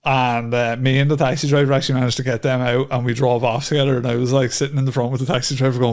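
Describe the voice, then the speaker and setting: A man's voice: mid-range voice, flat delivery, racing, few pauses. A man co-hosting a podcast, telling rambling stories in casual chat, swearing freely and laughing often. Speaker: podcast co-host.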